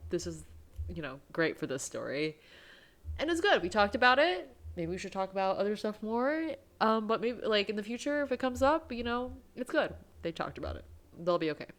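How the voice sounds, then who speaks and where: Rambling woman doing casual game commentary. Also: on the low side. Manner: rambling, lots of fillers like "you know". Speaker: let's play streamer.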